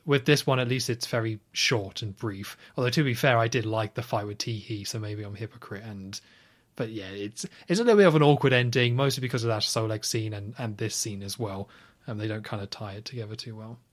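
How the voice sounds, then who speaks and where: A man co-hosting a podcast, casually recapping a film scene by scene with quick asides. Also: fairly low pitch. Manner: retells scenes at length, chatty with quick asides. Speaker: podcast co-host.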